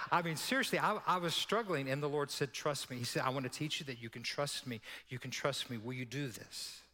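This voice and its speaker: Speaking to his church at a typical mid-range pitch, this pastor shares a personal story as sermon storytelling, his tone bright and forceful yet easygoing. Small laughing asides break up his lines, he performs the quoted voices, and the sanctuary's long reverb lingers after every phrase.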